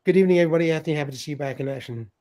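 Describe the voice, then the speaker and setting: A man's voice: on the high side, very fast, warm tone, slight background noise. A middle-aged man hosting a livestream in a casual chat, reading viewer comments aloud, laughing often and tripping over his words. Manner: chatty, laughs often, stumbles and repeats words. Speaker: livestream host.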